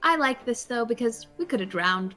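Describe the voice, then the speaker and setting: Bright, lively woman joking at the table. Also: a little high, normal speed, faint music behind. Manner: wry, joking. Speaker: player. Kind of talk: in-character banter at a game table.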